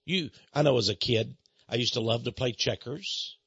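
A middle-aged man giving an animated, emphatic storytelling lecture with dramatic pauses. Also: mid-range voice, breathy edge, no room sound. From Austin, Texas. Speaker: speaker on Freemasonry. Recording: dull, dry lo-fi recording.

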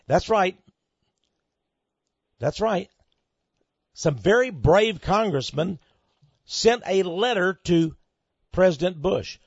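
A man with a Texan accent hosts a radio talk show, his voice pitched high and swinging widely as he lays on emphasis and sarcasm. The sound is dry and dull, like a lo-fi broadcast recording. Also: darkish tone, slightly rough, dry recording. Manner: emphatic, sarcastic, dramatic delivery. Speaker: radio host.

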